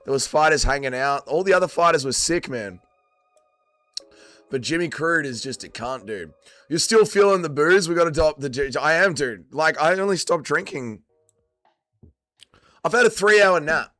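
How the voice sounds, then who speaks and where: An Australian man hosts a casual livestream, tired and still drunk after a late night, with laid-back banter and plenty of swearing. His voice is smooth and resonant, recorded dry and close on a desk mic. Faint music plays behind him. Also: fairly high pitch, animated, normal speed, long pauses, sharp tone, no room sound. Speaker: livestream host.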